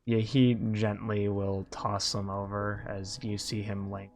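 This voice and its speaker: A man narrating as game master of a tabletop game over an online call, relaxed and unhurried. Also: fairly low pitch. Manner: relaxed, unhurried, laughing asides. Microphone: home mic on an online call. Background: background music.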